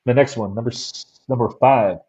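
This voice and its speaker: Husky, mellow male storyteller. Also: medium pitch, moderate pace, highs cut off. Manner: rambling storyteller. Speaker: paranormal investigator guest. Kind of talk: casual interview chat.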